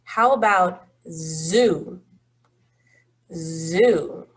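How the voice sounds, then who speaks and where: A woman's voice: on the low side, extremely slow, a little hiss or hum. A woman teaching a phonics lesson to young children, patient and encouraging, drawing out each word.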